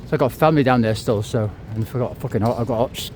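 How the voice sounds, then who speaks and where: Man, 50s, walking vlogger, winded, chatty and sweary, mid-pitched, clip-on mic with street noise behind. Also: fast, a little mellow. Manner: chatty, rambling, swears and apologizes. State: out of breath. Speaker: travel vlogger. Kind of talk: casual walking vlog. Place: city streets outdoors. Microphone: clip-on mic to phone.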